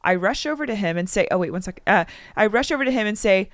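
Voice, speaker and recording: In clean studio sound with no room sound, a fast-talking young adult woman reads a listener's story on the podcast she co-hosts. Her medium-pitched voice is animated as she chats, interrupts herself with jokes and remarks, and acts out quotes loudly.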